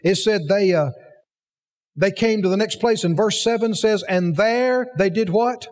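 A man's voice: high voice, a little slow, darkish tone, long reverb tail. A man preaching a sermon, emphatic, asking the congregation rhetorical questions.

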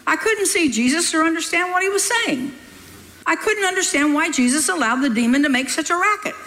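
A woman's voice: high-pitched, fairly bright tone. An older woman preaching, telling a story in a folksy, scolding way with laughing asides. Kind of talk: sermon storytelling.

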